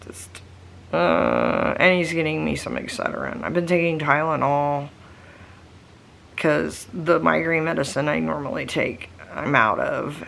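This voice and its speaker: A woman's voice: creaky, fairly bright tone, slight background noise. A woman vlogging casually from her living room, tired and nursing a migraine, rambling with plenty of fillers. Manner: rambling, low-key, lots of fillers. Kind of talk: casual daily vlog chat.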